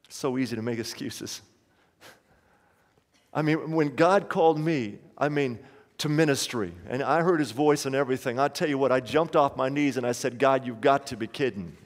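A man's voice: medium pitch, moderate pace, long reverb tail. A man preaching a sermon as pastor, pleading and impassioned, acting out the voices of the people in his story.

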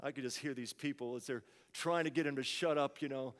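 A man preaching a sermon as pastor, swinging from hushed asides to loud, pleading cries. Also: mid-range voice, a little fast, few pauses, big-room sound.

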